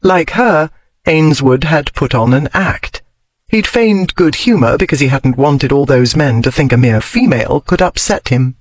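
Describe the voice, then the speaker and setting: A man reading a historical romance novel aloud as audiobook narrator, in a measured storytelling manner. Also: on the high side, animated, dry recording. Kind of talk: scripted narration.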